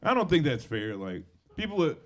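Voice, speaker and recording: A man's voice: fairly high pitch, very animated, normal speed. A young man from Alabama with a Southern accent doing a stand-up set on a club stage, talking in a loose, self-deprecating way with dry asides. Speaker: stand-up comedian.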